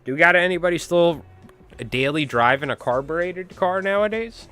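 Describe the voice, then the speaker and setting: A man's voice: on the high side, moderate pace, sharp tone, faint music behind. A man hosting a fly tying live stream, chatting casually with viewers and rambling through anecdotes with frequent chuckles. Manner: rambling storyteller, chuckles often, talks to chat.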